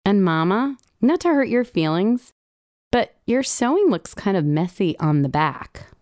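A woman's voice: medium pitch, big pitch swings, measured pace, darkish tone, no room sound, clean studio sound. A woman voicing an earnest, opinionated little girl who talks bluntly and matter-of-factly. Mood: earnest critique.

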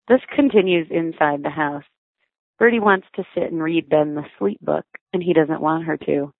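A woman's voice: deep voice, moderate pace, vocal fry, dry recording. A mother reading her own memoir aloud in a wry, reflective storytelling manner. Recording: thin phone-like sound, dry.

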